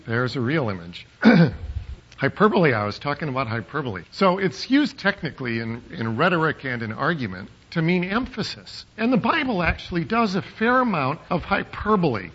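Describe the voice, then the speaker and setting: Male pastor, conversational sermon with jokes; animated pitch, slightly raised voice, muffled recording. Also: normal speed, breathy edge. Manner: conversational and digressive, with humorous asides. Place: church sanctuary.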